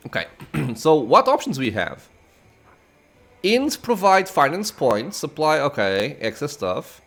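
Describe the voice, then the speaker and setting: A man, host of a gaming channel, giving relaxed, casual commentary while playing. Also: on the high side, slow. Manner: relaxed, laughs, says dude.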